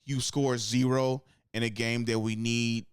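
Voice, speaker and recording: A young man co-hosting a casual sports podcast. He rambles and swears, and he acts out quotes in sudden higher bursts. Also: flat delivery, unhurried, clear, resonant tone, no echo, clean studio sound. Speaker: podcast co-host.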